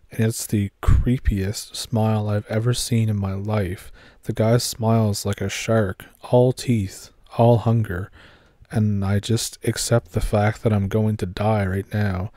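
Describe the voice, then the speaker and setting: A man telling a scary woods story in a steady, measured way. His voice is low and mellow, and the recording is dry and close-miked with no room sound. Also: no echo. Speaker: narrator. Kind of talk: horror story narration.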